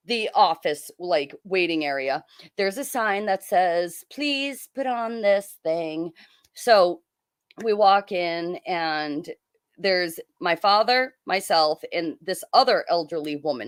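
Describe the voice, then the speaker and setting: A middle-aged woman co-hosting a podcast tells a story in casual chat, animatedly acting out the people she quotes. Her voice is fairly low, recorded in a clean studio with no echo.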